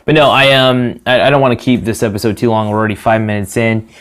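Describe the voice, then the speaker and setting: A man's voice: medium pitch, steady tone, quick pace, fairly bright tone. Rambling, cursing male podcast host. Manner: rambling, filler-heavy, swears freely. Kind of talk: casual solo podcast talk.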